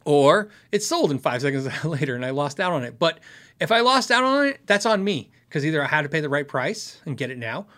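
A man's voice: a little high, big pitch swings, a little fast, fairly bright tone. A man hosting a casual livestream, answering viewer questions in a friendly, frank way and laughing often.

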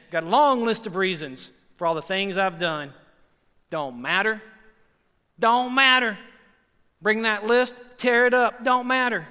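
A man preaching a sermon, animated and conversational, repeating phrases and swinging from loud emphasis to hushed asides. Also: high voice. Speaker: pastor. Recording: long hall reverb.

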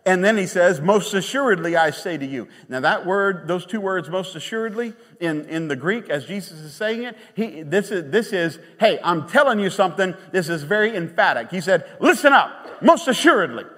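A man preaching a sermon from the pulpit, his voice sitting high for a man. He is emphatic and animated, then drops suddenly quiet. The sound carries a long church reverb. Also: normal speed, few pauses. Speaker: pastor. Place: church sanctuary.

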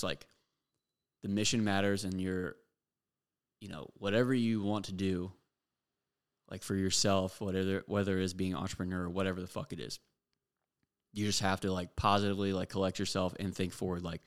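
A man's voice: deep voice, level tone, brisk. A young man hosting a podcast, giving a blunt, profane motivational monologue full of fillers. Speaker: podcast host.

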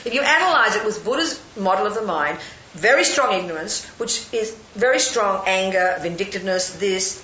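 An older woman, a Buddhist nun, giving a lively, chatty talk to a live audience and often asking them questions. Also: medium pitch. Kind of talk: casual dharma talk to an audience. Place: hall with an audience. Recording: roomy, lo-fi, faint hiss.

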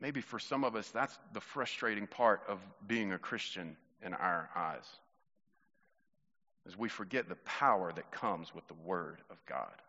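Male pastor, bright tone, chatty sermon delivery, muffled recording from a hall with a long echo. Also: deep voice, animated, unhurried. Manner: conversational, storytelling, addresses congregation directly.

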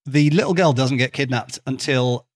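A man's voice: mid-range voice, normal speed. A man hosting a podcast, chatting casually and jokingly about a film. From not Dutch, living in Amsterdam. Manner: wry, joking, with lively ups and downs. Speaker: podcast host. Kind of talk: casual film review chat.

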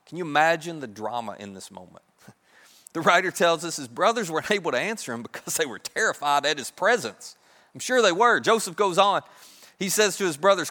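A preacher with a bright, ringing voice tells his story with animated energy, slipping into the voices of the people in it. His words carry a long reverb from a large hall. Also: fairly high pitch, a little fast. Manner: animated, acts out characters' voices. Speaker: pastor. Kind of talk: sermon storytelling.

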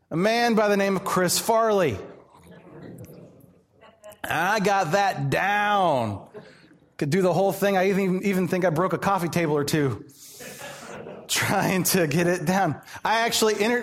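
A man in his thirties, a pastor, preaching a sermon in an animated, self-deprecating way, with humorous asides. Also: on the high side.

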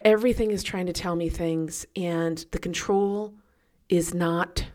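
A woman hosting a leadership podcast, telling a personal story in a chatty, animated way and laughing at herself now and then. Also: on the low side, measured pace. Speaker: podcast host.

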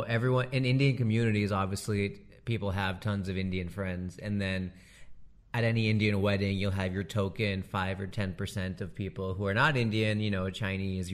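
A man doing a casual comedic monologue, animated and slangy, laughing often as he riffs. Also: fairly low pitch.

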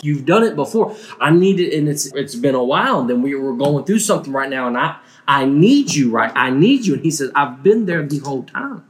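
A man preaching a sermon, telling a personal story earnestly, often restarting his words. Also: mid-range voice. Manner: earnest, halting with frequent restarts.

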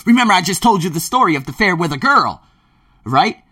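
Bright-voiced man telling stories on a podcast. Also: high-pitched, fairly quick, breathy edge. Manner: animated storyteller who acts out his own quotes, swears freely. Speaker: podcast host; language teacher working abroad. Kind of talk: casual monologue podcast.

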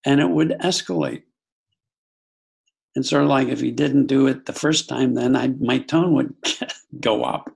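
A middle-aged man recounts a personal story to an interviewer, earnest and reflective. His voice is deeply gravelly and husky, and he often stumbles and restarts mid-sentence. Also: unhurried, pauses often, a little mellow. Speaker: guest. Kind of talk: conversational storytelling.

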